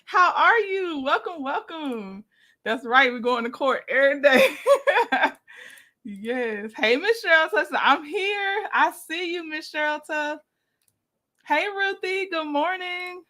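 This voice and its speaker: A woman's voice: high voice, animated, slow pace, bright, forceful tone. Chatty woman hosting a livestream. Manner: chatty, laughs often, greets viewers by name. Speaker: livestream host. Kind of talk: casual livestream commentary.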